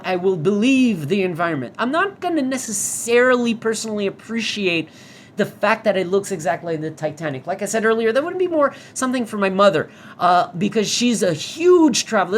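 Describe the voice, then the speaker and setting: A man's voice: high-pitched, slight background noise. Rambling, swearing man reviewing VR. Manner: rambling, swears, restarts often. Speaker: gamer reviewing a VR demo. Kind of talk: casual first-impressions commentary.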